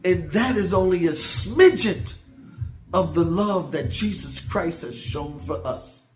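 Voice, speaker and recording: Guy with a high voice spinning a folksy story, roomy echo and faint music behind. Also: lively intonation, slow pace. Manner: folksy, down-home storyteller who turns preachy. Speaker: motivational speaker. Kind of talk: storytelling motivational talk.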